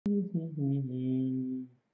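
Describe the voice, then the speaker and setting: A man's voice: mid-range voice, drawn-out words. A man hosting a casual livestream from his home office, hyped and slangy, often laughing. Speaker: host. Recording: roomy, slightly dull room sound.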